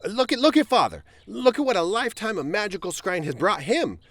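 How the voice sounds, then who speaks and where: A man's voice: sits high, big pitch swings, fairly quick, a bit bright, dry recording, pitched above the performer's own voice, heavily acted. Man voicing a defiant teenage farm boy. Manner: defiant, earnest arguing. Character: stubborn, defiant seventeen-year-old farm boy.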